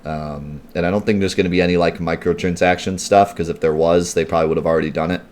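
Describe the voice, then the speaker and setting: A man's voice: sits low, steady tone, fast, a little mellow, a little hiss or hum. A man streaming a video game live, chatty and rambling as he answers viewers' questions, with lots of "like" and "um". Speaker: let's play streamer. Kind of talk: live gameplay commentary.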